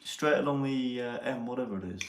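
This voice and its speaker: A man's voice: mid-range voice, fairly quick, roomy sound. An English man hosting a casual live chat, joking and laughing with his mate. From England. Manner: banter and laughing. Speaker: live stream host. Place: outdoors near Ely.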